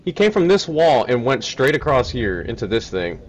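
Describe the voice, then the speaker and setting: A man's voice: mid-range voice, very animated, normal speed. A man streaming a co-op game, chatting casually, swearing and laughing often. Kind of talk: casual co-op gameplay chat.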